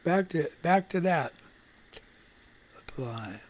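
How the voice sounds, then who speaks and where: Slow and animated, with a voice on the high side, this man hosts a live radio show, muttering frustrated curses while he sorts out his stream setup. The talk is casual live-stream commentary, and his swearing is casual.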